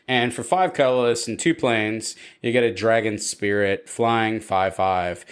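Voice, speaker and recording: A man's voice: medium pitch, clear, resonant tone. A man co-hosting a podcast, giving opinionated takes on cards and reading their text aloud. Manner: opinionated, reads card text with pauses. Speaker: podcast co-host. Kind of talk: casual podcast chat.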